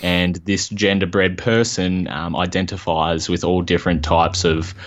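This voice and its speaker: A man's voice: low voice, flat delivery, unhurried. A man hosting a casual podcast chat, indignant and saying "mate" often. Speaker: podcast host. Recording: dull lo-fi audio.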